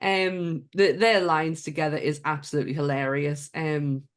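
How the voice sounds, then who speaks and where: A woman co-hosts a podcast, talking in loose, casual chat. Her voice sits a little low for a woman. She gets excitable and swears freely as she talks. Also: moderate pace. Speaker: podcast co-host.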